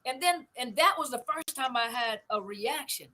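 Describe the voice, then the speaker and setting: A woman's voice: on the high side, expressive, normal speed, bright, forceful tone, rough recording. An older woman, hosting a family conversation and telling stories with emphatic repetition. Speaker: host.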